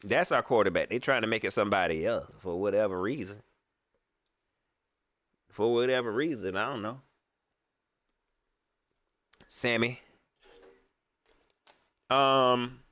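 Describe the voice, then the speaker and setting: A man's voice: lowish voice, a little slow, long pauses, a bit bright, no echo. A man hosting a sports fan live stream, venting in casual slangy talk and firing off emphatic rhetorical questions as he reads viewer comments. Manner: casual slangy speech with frequent fillers. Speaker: fan channel host reading live comments.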